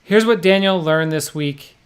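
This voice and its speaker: A man's voice: on the high side, a little slow, clean tone. A middle-aged man with a New Jersey accent, co-hosting a livestream and reading viewer comments in a laid-back, joking way. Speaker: livestream co-host.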